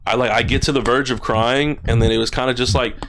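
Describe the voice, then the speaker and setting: A man's voice: mid-range voice, fairly even intonation, fast, a bit bright, slight background noise. Young man telling a story, casual and swearing. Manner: casual, swears a lot, says "bro" and "dude". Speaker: podcast guest. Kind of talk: emotional storytelling. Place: podcast studio.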